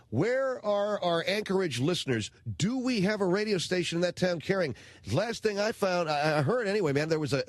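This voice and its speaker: A man's voice: sits high, dry recording. A man hosting a radio talk show, ranting in a blunt, slangy, indignant way into a studio microphone.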